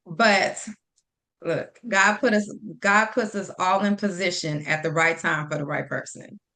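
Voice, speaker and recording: Woman guest, direct and lively, acts out tough-love pep talks. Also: lowish voice, a little slow. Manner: direct, animated, plays out talks with a friend. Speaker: podcast guest. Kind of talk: casual faith talk.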